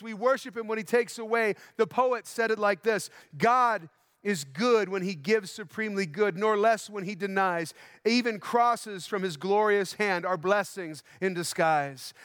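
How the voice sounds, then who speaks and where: Male pastor, high-pitched and dry, preaching with emphatic repetition and questions to the congregation. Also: fairly bright tone, no room sound. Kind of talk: sermon. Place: church sanctuary.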